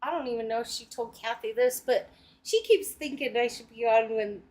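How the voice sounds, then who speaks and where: A woman's voice: a little high, moderate pace, a little mellow. A woman co-hosting a casual livestream, playful and teasing, laughing as she talks. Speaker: visiting co-host. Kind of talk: casual live-stream chat.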